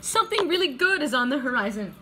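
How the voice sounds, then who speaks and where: A middle-aged woman giving a casual, emotional oracle card reading, excitable and tearful, swearing freely. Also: sits high, quick pace, background noise. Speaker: tarot and oracle card reader.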